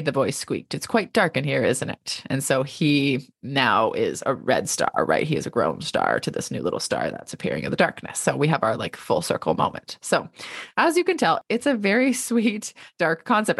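Woman, thirties, podcast co-host, low voice, animated delivery. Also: moderate pace, vocal fry, slightly rough, no echo, clean studio sound. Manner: expressive, lively, laughs often, reads quotes aloud. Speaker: podcast co-host and literary agent. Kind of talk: casual podcast chat.

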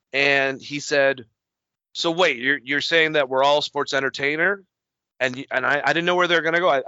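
A man hosting a podcast, talking in a rambling, animated way and swearing often. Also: mid-range voice, no room sound, highs cut off. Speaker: podcast host. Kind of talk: casual wrestling talk.

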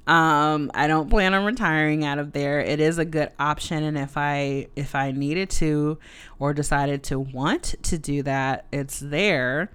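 A woman's voice: deep voice, smooth. A young adult woman hosting her own podcast, telling a personal story in a chatty, candid way with frequent asides. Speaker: podcast host. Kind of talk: casual solo podcast storytelling.

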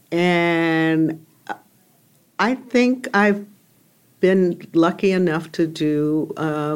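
A woman in her sixties, a television executive, giving thoughtful interview answers with some pauses. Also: fairly low pitch. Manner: thoughtful, many fillers.

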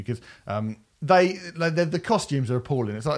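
A man chatting casually as a podcast co-host, animated and often laughing as he acts out scenes. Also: on the high side, moderate pace. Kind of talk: casual film review chat.

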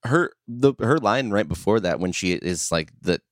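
Very deep-voiced man chatting casually. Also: moderate pace, noisy background. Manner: loose, profane, animated. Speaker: podcast co-host. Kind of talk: casual film discussion.

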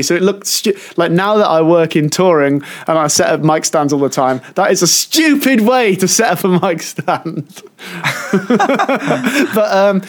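A man co-hosting a casual podcast chat, telling long stories that wander, trail off and restart as he goes. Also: high-pitched. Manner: rambling storyteller who often trails off and restarts. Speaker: podcast co-host.

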